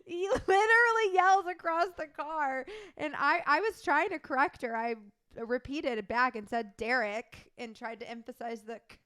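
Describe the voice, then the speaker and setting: High-voiced woman telling stories, dry mic. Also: moderate pace, dry recording. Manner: animated storyteller, laughs often. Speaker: podcast co-host. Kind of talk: casual chat.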